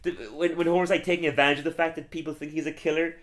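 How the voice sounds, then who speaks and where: A man's voice: a little high, flat delivery, very fast, fairly bright tone. A young man co-hosting a casual podcast, enthusiastically recapping an episode, rambling and laughing often. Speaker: podcast co-host. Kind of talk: casual chat reviewing a cartoon episode.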